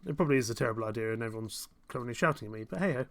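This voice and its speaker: A young game streamer chats very fast over a live gameplay stream in a mid-range, expressive voice that's gravelly with a fairly bright tone. His casual commentary rambles and turns self-mocking, and he chuckles often.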